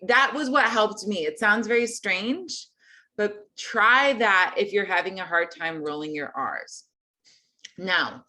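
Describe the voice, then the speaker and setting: A woman's voice: medium pitch, bright, forceful tone. A woman teaching an online group singing lesson, friendly and encouraging in a casual way.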